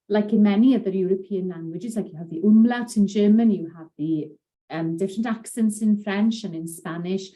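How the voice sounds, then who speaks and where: Woman, language teacher, mellow tone, very lively pitch, repeats words for learners. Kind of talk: pronunciation lesson.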